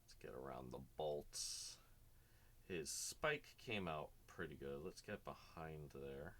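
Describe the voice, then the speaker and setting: Casting note: man, extremely deep but bright, forceful delivery, easygoing chatty streamer narrating his hobby work. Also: animated, slow pace. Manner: chatty, rambling, talks to chat while working. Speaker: miniature painter and streamer. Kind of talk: casual narrated painting session.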